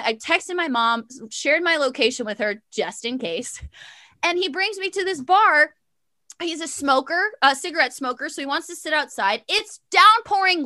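A young woman telling a long personal story in casual chat, sassy and animated, full of fillers and quoted dialogue. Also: sits high, dry recording.

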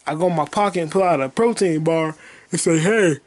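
A man hosting a podcast alone, telling crude, rambling stories and bursting into loud high yelps and sound effects. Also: a little fast. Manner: profane, rambling storytelling. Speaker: podcast host. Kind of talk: casual solo podcast monologue.

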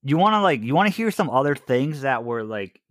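A man with a very lively, swinging voice shares trivia on a casual podcast. The sound is dry and close, and he teases his friends as he goes. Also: mid-range voice, a little fast, dry recording. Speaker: podcast co-host. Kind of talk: casual chat.

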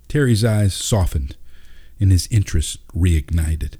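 Brief: calm male narrator for a storybook, deep and mellow. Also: a little slow, slightly rough. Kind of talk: storybook reading.

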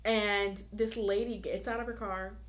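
A woman co-hosting a podcast in casual chat, a chatty storyteller with quick asides. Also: medium pitch, steady tone. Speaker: podcast co-host, stylist. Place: hair salon.

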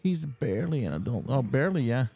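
A middle-aged man co-hosting a casual podcast chat, telling a lively story and laughing often. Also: mid-range voice, quick pace, gravelly, husky. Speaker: podcast co-host.

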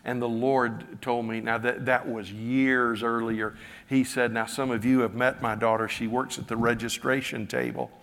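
A man's voice: medium pitch, little pitch movement, moderate pace, vocal fry, fairly bright tone. A man preaching a sermon, retelling a story through many quoted lines, with frequent repeats of "he said". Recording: long hall reverb.

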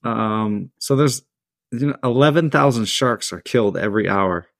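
A man's voice: on the low side, moderate pace, creaky, no room sound, clean studio sound. A man hosting a podcast, reading a story from a script in a laid-back way with casual asides. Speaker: podcast host.

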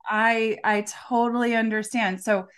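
A woman's voice: on the high side, steady tone, a little slow, clean tone. A woman coach co-hosting a casual conversation, talking emphatically and often checking in with "right?". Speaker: coach and podcast co-host.

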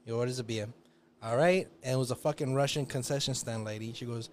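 Loud, profane man telling a story. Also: a little high, animated, fairly quick. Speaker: podcast host telling a story. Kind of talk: casual podcast chat. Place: podcast studio.

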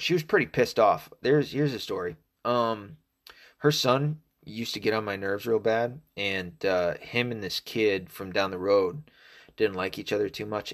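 With a voice on the low side and a fairly bright tone, a young Southern man from Arkansas talks in a loose, cussing, rambling monologue, often restarting his sentences. His Southern accent is faint.

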